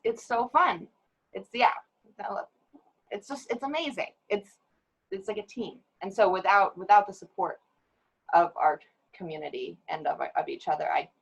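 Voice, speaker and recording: A woman's voice: mid-range voice, breathy edge, low-quality recording. A woman who works as an advocate for abuse survivors, speaking candidly and with animation on a webinar panel over a video call. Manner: candid, animated, with laughs and acted quotes.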